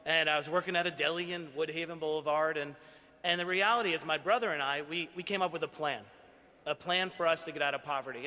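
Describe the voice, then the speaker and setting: A man from Queens, New York, gives a gala acceptance speech with a slightly high, bright and forceful voice. He tells his story earnestly and pokes fun at himself along the way. His words ring out with a long reverb through a large banquet hall. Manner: earnest, self-deprecating storytelling. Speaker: award honoree giving a speech.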